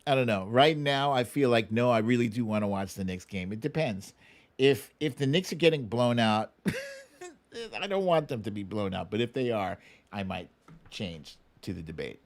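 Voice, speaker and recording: A man hosting a live stream in casual chat, reading viewer comments aloud and answering them with quick asides and hums. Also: on the low side. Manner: animated, frequent chuckles and filler hums. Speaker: livestream host.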